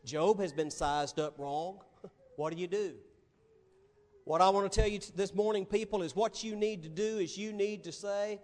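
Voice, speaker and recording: High-voiced man preaching a sermon. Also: normal speed, a little mellow, long reverb tail. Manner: emphatic, dramatic preaching with rising cries. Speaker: pastor.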